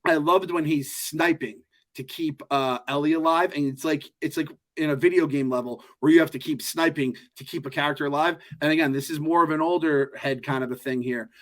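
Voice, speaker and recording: A man co-hosting a podcast, chatting casually in an animated, joking way with lots of swearing. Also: on the high side, a little fast. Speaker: podcast co-host. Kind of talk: casual chat.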